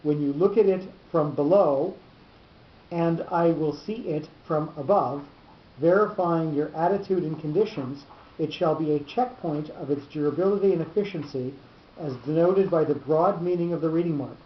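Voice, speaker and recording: A teacher works through cantillation notes in a halting, repetitive way, restarting phrases as he explains. The recording is roomy and dull, with a faint rumble behind the voice. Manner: halting, repeats words while explaining. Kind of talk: lecture on cantillation.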